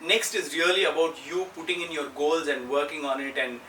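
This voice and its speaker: A man gives a motivational lesson, speaking straight to the viewer and repeating his key points. His voice is bright and somewhat high. The sound is roomy, with him a little away from the microphone. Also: steady tone, brisk, slight background noise. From Tamil Nadu, India. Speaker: kids' storyteller and speaker. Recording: roomy echo, a bit far from the mic.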